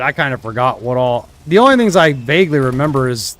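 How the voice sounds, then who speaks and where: A man's voice: mid-range voice, lively intonation, fairly quick, hardly any pauses, a bit bright. A young man streaming a shooter game, chatting casually and trailing off into mumbled asides. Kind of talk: casual gameplay commentary.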